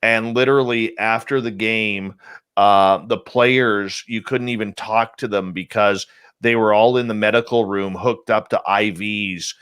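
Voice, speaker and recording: A man hosting a radio roundtable, telling stories in an animated way with emphatic repeats. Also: on the low side, unhurried, smooth, no echo. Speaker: radio show host. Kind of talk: casual roundtable chat.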